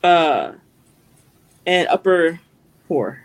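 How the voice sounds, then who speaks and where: A young woman co-hosting a casual podcast, retelling anime scenes with animated, acted-out quotes. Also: on the low side, extremely slow. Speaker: podcast co-host.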